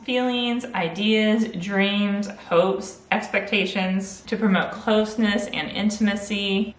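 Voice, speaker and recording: Gentle teacherly woman in an echoey room. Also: mid-range voice. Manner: gentle, clear and patient, with soft laughs. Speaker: Montessori teacher. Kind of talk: friendly instructional talk to parents.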